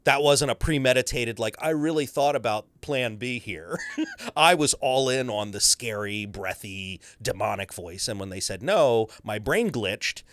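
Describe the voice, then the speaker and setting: A man's voice: mid-range voice, expressive, unhurried, a bit bright, no echo. A man who is a voice actor, telling stories animatedly in a podcast interview and slipping into character voices. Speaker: voice actor guest.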